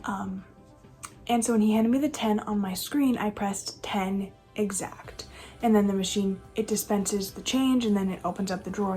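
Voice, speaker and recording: A young woman tells a casual story about her job at a fast-food counter. She rambles and keeps reaching for filler words. Her voice sits at an ordinary middle pitch, with faint music behind her. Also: mellow. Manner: chatty, rambling, lots of "like" fillers. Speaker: fast-food cashier telling work stories.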